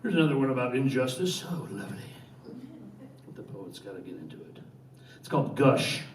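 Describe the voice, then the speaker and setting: A man performing his poetry live, chanting repeated lines with swings between loud and hushed. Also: medium pitch, big pitch swings, brisk, slight background noise. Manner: rhythmic, repetitive incantation with swings from loud to hushed. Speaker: poet. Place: small venue in front of an audience. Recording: roomy live recording from a distance.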